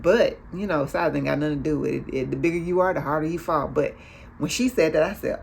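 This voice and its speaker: A woman's voice: low-pitched, quick pace, creaky, slight background noise. A woman hosting a casual recap of a TV show, chatty, acting out the characters' lines as she goes.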